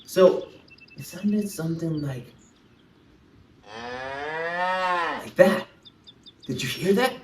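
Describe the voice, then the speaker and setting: A man leading a playful lesson for young children, talking straight to them in an animated, singsong way. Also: fairly high pitch, drawn-out words, pauses often, far from the mic, a little hiss or hum. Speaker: children's language teacher. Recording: echoey room, voice off-mic.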